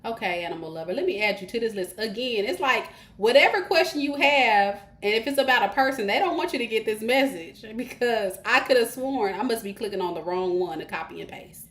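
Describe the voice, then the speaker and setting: A woman's voice: a little high, lively intonation, fairly quick, few pauses, fairly bright tone. A woman giving a live-streamed tarot reading, chatty and informal, talking straight to her viewers. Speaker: tarot reader. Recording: roomy echo with faint hiss.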